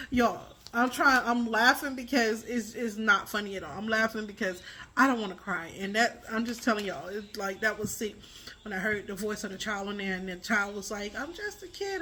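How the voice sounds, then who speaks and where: A woman with a fairly high, bright voice talks to her viewers in loose, rambling commentary. She speaks with emphasis and stops to restart her thoughts often. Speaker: tarot reader. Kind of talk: casual spiritual commentary.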